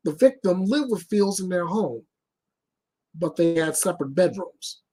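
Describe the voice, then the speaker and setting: A male news host with a husky, somewhat high voice who talks bluntly and emphatically. He reads crime reports and comments without softening anything. His delivery is deliberate. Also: lively intonation.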